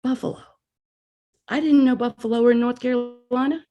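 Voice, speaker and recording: A woman guest telling a personal story in a casual, animated way, acting out her own reactions. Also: fairly high pitch, brisk, lo-fi sound.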